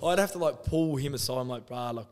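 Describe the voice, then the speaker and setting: A man's voice: on the high side, racing, a little mellow. A man, a guest in a casual podcast chat, telling rambling stories and swearing a lot. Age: late 20s. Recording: long reverb in the room.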